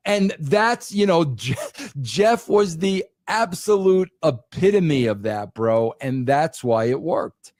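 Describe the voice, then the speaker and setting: A man's voice: on the high side, lively intonation, slow pace, darkish tone, no room sound. Older new guy going off on a podcast, keeps saying bro, dry close mic. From New York. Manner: emphatic, repeats "bro", frequent restarts. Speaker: podcast guest, former wrestling writer. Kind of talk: casual podcast chat.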